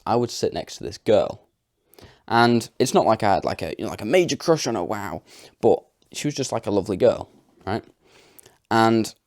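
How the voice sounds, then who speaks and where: Young guy rambling a story to camera, deep voice, dead dry sound, lots of likes and you knows. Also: darkish tone, dry recording. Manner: chatty, filler-heavy, self-deprecating. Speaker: vlogger.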